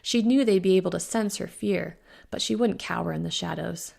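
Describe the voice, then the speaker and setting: A woman author narrating her own fantasy novel in a steady, even reading. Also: lowish voice, moderate pace, vocal fry. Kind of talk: audiobook narration.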